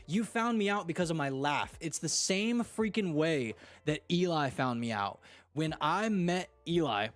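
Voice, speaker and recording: A man hosting a casual podcast and reading live chat, talking in a slangy, animated way. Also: a little high, unhurried, faint music behind. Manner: slangy and animated, fond of "dude" and "freaking".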